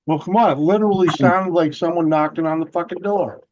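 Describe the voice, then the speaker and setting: A woman's voice: on the low side, a little fast, muffled recording, noisy background. A woman chatting casually, chiming in and swearing freely. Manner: relaxed, chiming in with agreement. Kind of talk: casual chat.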